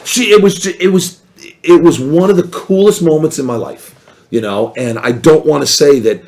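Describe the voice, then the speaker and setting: A man chatting as a podcast guest, telling animated stories and acting out what other people said. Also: a little high, normal speed. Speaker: podcast guest, former reality show contestant. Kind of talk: casual storytelling chat.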